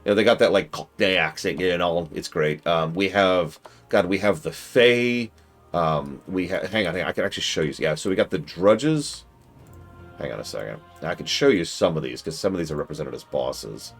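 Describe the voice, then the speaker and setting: A man streaming a game, rambling casually with self-corrections and excitable asides. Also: low-pitched, normal speed. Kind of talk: casual gaming stream commentary. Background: game music.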